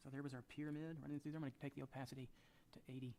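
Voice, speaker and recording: A man teaching a drawing lesson, talking through each stroke as he sketches and often trailing off quietly. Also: mid-range voice, rapid-fire, slight background noise. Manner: relaxed, thinking aloud while sketching, often trailing off quietly. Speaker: drawing instructor.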